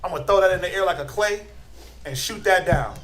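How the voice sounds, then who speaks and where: Brief: man, high voice, blunt group preacher who challenges and chuckles at his listeners; faint noise behind. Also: a little fast, fairly bright tone, rough recording. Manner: blunt, challenging, rhetorical questions. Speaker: religious teacher.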